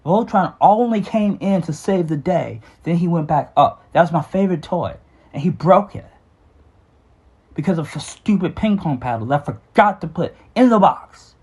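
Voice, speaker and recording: Husky middle-aged man telling his story. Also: fairly high pitch, expressive, darkish tone. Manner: halting, with frequent fillers and restarts; earnest and sighing. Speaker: memoir storyteller. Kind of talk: unscripted personal storytelling.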